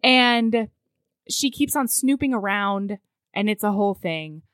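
Animated woman with a dry sound. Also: medium pitch, a little slow, clean tone, no room sound. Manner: animated, swears freely, laughs often. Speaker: podcast co-host recapping a novel. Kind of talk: casual chat.

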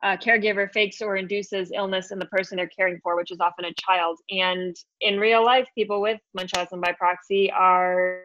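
A woman's voice: mid-range voice, steady tone, normal speed, few pauses, fairly bright tone, dull audio, a little hiss or hum. A woman author talking about her book in an interview, thoughtful and loose with fillers. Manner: thoughtful, with many fillers and restarts. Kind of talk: interview chat.

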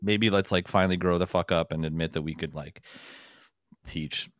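A man's voice: deep voice, fairly even intonation, moderate pace, dry recording, clean studio sound. A man guesting on a podcast in casual comedic chat, laughing often and swearing casually.

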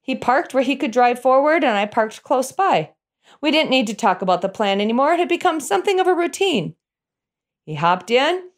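Middle-aged woman, personal storyteller, animated, chuckling, lively pitch, slightly high voice. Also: normal speed. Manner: animated, chuckles through her telling.

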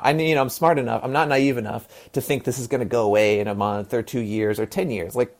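A man's voice: medium pitch, fairly even intonation, fast, few pauses. A man in his forties from the American South, answering as an interview guest in a loose, rambling way. His talk is full of fillers and restarts, with the occasional blunt swear. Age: 40s. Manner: rambling, heavy on fillers and repeated "and", casual swearing. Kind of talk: casual conversational interview.

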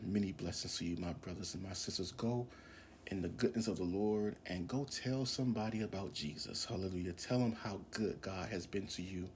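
A man's voice: low-pitched, a little fast, a little mellow, a little hiss or hum. A man preaching and praying fervently to his listeners, impassioned, repeating phrases and dropping into whispers at times. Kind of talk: fervent spoken prayer and exhortation.

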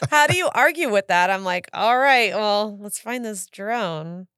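A woman's voice: medium pitch, animated, unhurried, fairly bright tone, clear, resonant tone, no echo, studio quality. A woman in her thirties, co-hosting a casual chat show, who laughs often and acts out her kids' voices. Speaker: podcast co-host.

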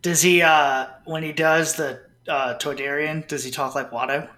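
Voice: mid-range voice, fairly even intonation, moderate pace, pushed and bright. A podcast co-host in casual chat, playful and teasing. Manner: playful, teasing, laughs often.

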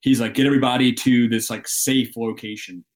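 A man from Alabama, a mountain guide telling climbing stories in an interview, animated and laughing often. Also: mid-range voice, fairly quick. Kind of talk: storytelling interview.

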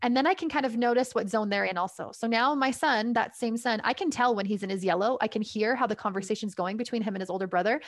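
A woman's voice: a little high, fast talker, hardly any pauses, no echo, studio quality. A woman parenting coach explaining her tips in an upbeat, chatty way as an interview guest, laughing between points. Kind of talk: guest giving advice in a podcast interview.

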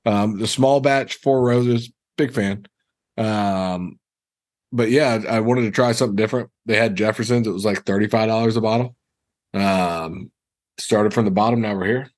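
A man's voice: on the low side, normal speed. A man co-hosting a podcast, chatting casually and joking with frequent restarts. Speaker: podcast co-host. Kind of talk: casual chat.

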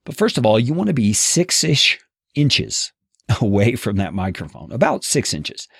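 A man teaching a podcast course, speaking expressively into a close boom-arm studio mic from his seat. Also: unhurried, creaky, breathy edge, no room sound. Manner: expressive, animated delivery. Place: home studio, seated at a table.

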